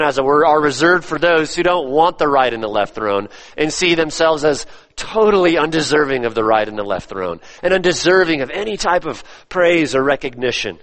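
A man preaching a sermon, emphatic, repeating his phrases and swinging between loud stresses and hushed drops. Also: on the high side. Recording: long reverb of a church hall.

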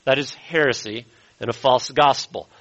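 A man preaching an expository sermon as pastor, emphatic and slowing down to stress key words. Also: medium pitch, a bit bright, dull audio.

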